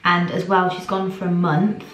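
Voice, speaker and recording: Young woman, low-ish voice, casual rambling vlog chat, lots of "like". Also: completely flat delivery, normal speed, a bit bright, roomy sound, poor audio. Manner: chatty, rambling, full of "like". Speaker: vlogger.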